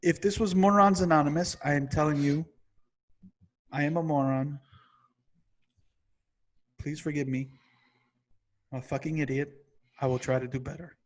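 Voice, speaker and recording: A man co-hosting a podcast, telling a frustrated, profane comedic rant that builds to yelling. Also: on the high side, steady tone, a little fast. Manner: exasperated, swears constantly, builds to yelling. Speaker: podcast co-host.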